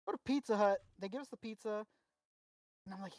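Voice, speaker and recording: High-voiced man telling profane stories. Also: quick pace, no echo. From Mexico. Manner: profane, animated storytelling. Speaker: podcast co-host. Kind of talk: casual chat.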